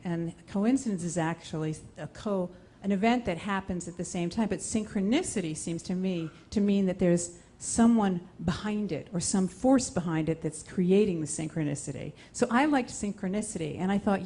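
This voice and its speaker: A woman from the United States tells a personal story live on stage. Her voice is mellow and warm, animated, and she breaks off and restarts as she acts out the dialogue. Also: medium pitch, moderate pace.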